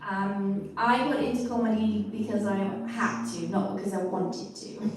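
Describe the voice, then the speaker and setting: A woman comedian from southern England, chatting in an animated, jokey way as an interview guest. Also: mid-range voice, unhurried, very noisy. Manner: animated, jokey, tries out accents. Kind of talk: casual interview chat. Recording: very echoey room, mic far off.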